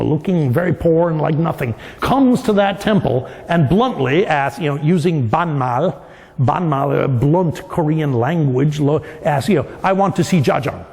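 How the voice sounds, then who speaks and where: Gravelly man lecturing in a reverberant hall. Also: a little high, darkish tone. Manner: explanatory, restarts phrases, laughs lightly. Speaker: professor giving a dharma talk. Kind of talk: storytelling lecture. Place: large temple hall. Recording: long reverb of a temple hall.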